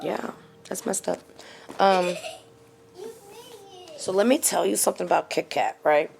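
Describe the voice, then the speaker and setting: Blunt and outspoken, this middle-aged tarot reader and channel host moves between quiet murmuring and lively storytelling during a casual reading. Her voice is gravelly and fairly low, and she speaks a little slowly.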